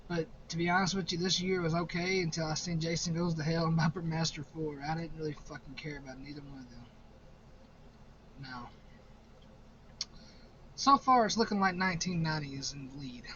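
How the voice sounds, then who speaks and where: Profane young man ranking horror films. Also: on the high side. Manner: profane, rambling, quick to laugh. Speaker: horror movie vlogger. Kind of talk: casual ranking commentary. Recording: slightly dull recording with faint noise.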